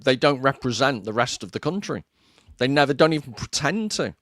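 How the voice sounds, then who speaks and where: A man's voice: mid-range voice, animated, a little fast, fairly bright tone, no echo, clean studio sound. A man from northern England telling stories and giving opinions in a casual conversation. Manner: storytelling, opinionated. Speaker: guest.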